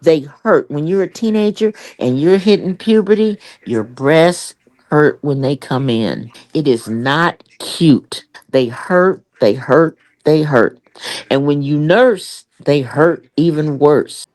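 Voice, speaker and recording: Slow-paced and low-voiced, this older comedian is an interview guest sharing candid, profane stories. She animates them by acting out the characters and voicing their quotes.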